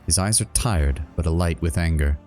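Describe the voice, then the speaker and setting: A man's voice: low voice, normal speed, a little mellow, soft background music. A man narrating as game master of a tabletop role-playing game, then rambling and correcting himself in casual chat with the players. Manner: rambling, self-correcting when chatting.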